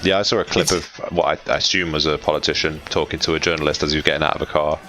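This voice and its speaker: A man's voice: very deep voice, steady tone, very fast, pushed and bright. A man from Derby with an East Midlands accent, chatting casually on a stream, swearing freely and chuckling often. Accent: Derby, East Midlands English. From England, Derby.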